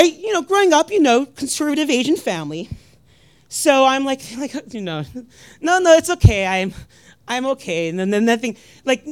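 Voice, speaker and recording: Animated, profane woman doing stand-up. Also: on the high side. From Northern California. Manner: animated, profane, acts out voices. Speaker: stand-up comedian. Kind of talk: stand-up comedy set.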